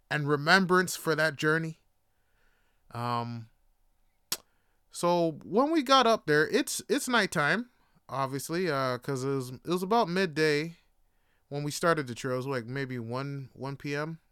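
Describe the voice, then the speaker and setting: A man from Jamaica spins a profane travel story, with a bright, ringing edge to his fairly high voice. his tone stays smooth and clean, recorded close and dry with no room sound. he laughs easily and trips over restarts. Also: no room sound. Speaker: podcast host. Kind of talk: casual storytelling monologue.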